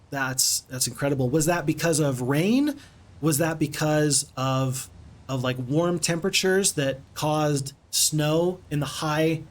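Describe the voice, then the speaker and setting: A man live-streaming a strategy game, chatting with viewers in a casual, expressive way and exclaiming often. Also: a little high.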